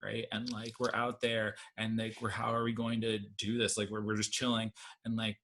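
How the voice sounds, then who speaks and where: A man performing a stand-up comedy set, rambling with deadpan asides that climb into loud rants. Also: lowish voice, normal speed.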